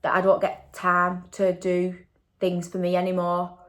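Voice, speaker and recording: A woman's voice: on the low side, monotone, a little slow. A woman, chatting casually in a vlog and tagging questions onto her sentences. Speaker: vlogger. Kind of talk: casual chat.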